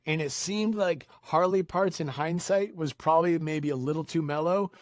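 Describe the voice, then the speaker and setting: A man's voice: fairly high pitch, normal speed, no echo. Man telling stories in a dry room. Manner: animated, acts out quoted voices. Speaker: podcast guest. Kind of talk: casual storytelling.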